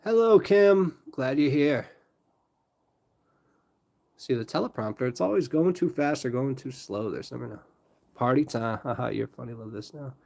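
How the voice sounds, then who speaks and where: A man's voice: medium pitch, normal speed, gravelly, long pauses, a little mellow. A man hosting a casual livestream, chatting loosely with viewers, laughing often and wandering into rambling asides. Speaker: livestream host and storyteller.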